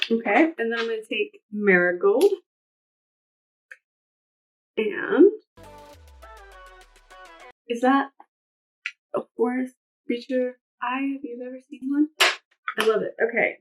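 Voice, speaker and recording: A young woman chatting casually through a makeup tutorial, rambling into side stories with lots of fillers. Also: a little high. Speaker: beauty vlogger. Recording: slightly dull lo-fi sound.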